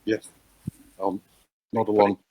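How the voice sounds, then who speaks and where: A man playing a tabletop game, speaking quietly and stumbling over words. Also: fairly low pitch, completely flat delivery, slow pace, no echo, low-quality recording. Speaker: player. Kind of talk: casual chat at a game table.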